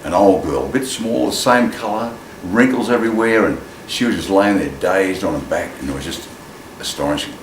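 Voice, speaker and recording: Deep-voiced man telling a story. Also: a little fast, few pauses. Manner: animated, acts out voices in his story. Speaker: storyteller in an acting class. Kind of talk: personal storytelling. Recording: echoey room with clear ambient noise.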